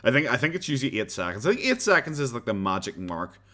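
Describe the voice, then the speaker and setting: A man's voice: mid-range voice, big pitch swings, fast, sharp tone. An Irish man streaming live, chatting casually and reading out viewer comments in a rambling, self-interrupting way, often laughing. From Ireland.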